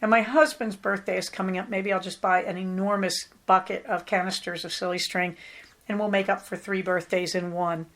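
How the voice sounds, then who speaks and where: A woman's voice: medium pitch, fairly even intonation, normal speed, fairly bright tone. A middle-aged woman from Southern California hosting a podcast in a chatty, rambling, affectionate way. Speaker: podcast host. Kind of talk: casual chat.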